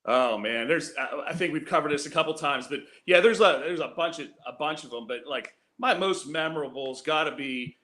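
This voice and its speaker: A man's voice: a little high, a little fast, few pauses, pushed and bright. Rambling, laughing man telling racing stories. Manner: rambling, laughing, self-mocking. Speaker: guest drag racer. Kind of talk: casual storytelling on a video call. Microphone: video call.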